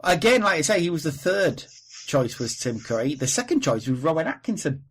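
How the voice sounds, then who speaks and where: A man from Wales hosting a casual film podcast, chatty and prone to quick celebrity impressions. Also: a little high, sing-song, slightly rough. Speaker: podcast host. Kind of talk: casual chat.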